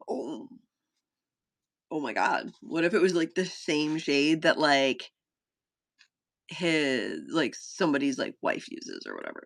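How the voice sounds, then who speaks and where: A woman streaming a playtest of her solo journaling game, talking casually to her chat, full of fillers, gasps and sudden bursts of excitement. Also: low-pitched, no room sound. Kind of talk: casual live-stream thinking aloud.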